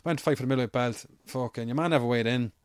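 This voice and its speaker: A man's voice: medium pitch, racing, smooth, no room sound, studio quality. An Irish man, an amateur MMA fighter, telling stories in casual, rambling, swear-heavy chat. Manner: swears freely, rambling anecdotal.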